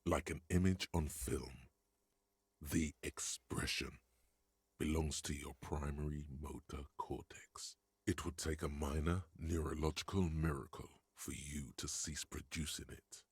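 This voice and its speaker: A man voicing a stern male game narrator with a very deep, husky voice, heard as game audio. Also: fairly even intonation, unhurried, no echo, exaggerated voice. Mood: grave.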